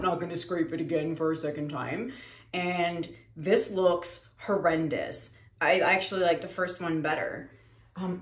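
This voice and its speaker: Chatty woman artist in an echoey room. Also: medium pitch. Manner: chatty, addresses viewers directly. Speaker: acrylic pour artist. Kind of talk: casual chat while painting.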